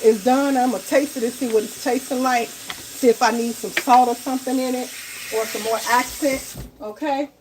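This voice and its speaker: A woman's voice: on the high side, steady tone, moderate pace, noisy background. A woman, chatting casually to viewers while cooking live in her home kitchen, often repeating herself and calling them y'all. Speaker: home cook livestreaming.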